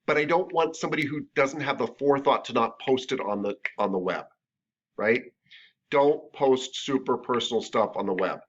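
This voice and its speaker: A man's voice: medium pitch, moderate pace. A man teaching a massage therapy class in a casual, joking, conversational lecture. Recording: dull lo-fi lecture recording.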